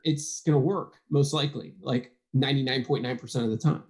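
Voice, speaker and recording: Animated man acting out quoted dialogue. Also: medium pitch, brisk, few pauses. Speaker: guest, firearms trainer. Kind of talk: casual podcast chat.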